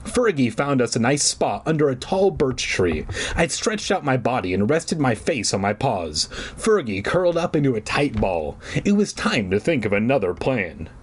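A man's voice: mid-range voice, big pitch swings, moderate pace, breathy edge. A man reading a children's story aloud with irreverent, joking asides. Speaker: reader.

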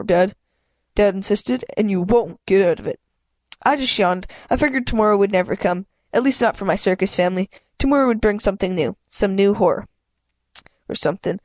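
A woman with a stuffy head cold reads a story aloud at home, her voice sitting at an ordinary middle pitch. She stumbles and restarts words often, in a casual, unpolished reading. The sound is dry and close, with no room echo. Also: darkish tone, dull audio. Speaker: amateur audiobook reader. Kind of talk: casual read-aloud narration.

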